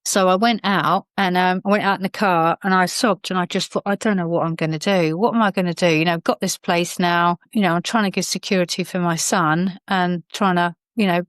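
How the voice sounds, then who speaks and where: A woman's voice: fairly low pitch, fairly even intonation, brisk, hardly any pauses, smooth, dry recording. Woman telling a painful story. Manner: rambling, many fillers and restarts. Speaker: podcast guest. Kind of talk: emotional personal storytelling.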